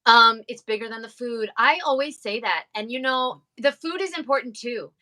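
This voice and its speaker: Enthusiastic female interviewer, bright, sharp voice pitched fairly high. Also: expressive, moderate pace. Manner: emphatic, enthusiastic, chimes in. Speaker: interviewer and vlog host. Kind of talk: conversational interview.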